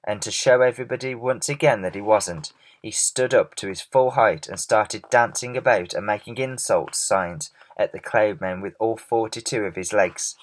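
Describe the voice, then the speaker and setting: A man reading a children's storybook aloud in an expressive, measured way. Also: lowish voice.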